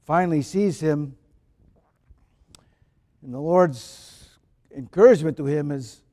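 A man, a priest, giving a sermon in a slow, deliberate way, sometimes pausing with small fillers. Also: a little high, mellow, long reverb tail.

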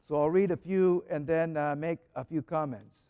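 Male priest, high voice, slow and reflective homily, reverberant church hall. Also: smooth, dull audio. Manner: slow, reflective, reads prayers aloud with rising emphasis. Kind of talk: homily with scripture reading.

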